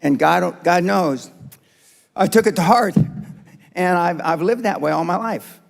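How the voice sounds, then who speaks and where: Gravelly older man lecturing bluntly. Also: high voice, a little slow. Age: 70s. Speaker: motivational speaker. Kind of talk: live seminar speech to an audience. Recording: long hall reverb.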